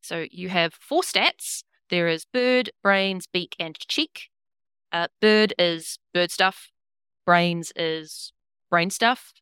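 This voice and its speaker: A woman's voice: on the low side, slow, fairly bright tone, clear, resonant tone, dry recording, clean studio sound. A woman running a tabletop game and explaining the rules in a casual, rambling way, swearing freely. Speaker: game master.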